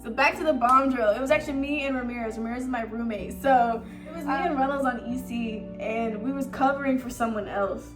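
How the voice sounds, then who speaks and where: A woman's voice: on the high side, fairly quick, hardly any pauses. A young woman chatting casually on her vlog, storytelling with frequent laughs. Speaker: vlogger. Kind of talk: casual chat. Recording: echoey room with music.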